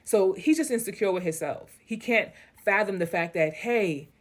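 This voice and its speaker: With a mid-range voice at normal speed, a woman reads out an online post. She frequently pauses to give her blunt, candid take, swearing freely as she comments on the story.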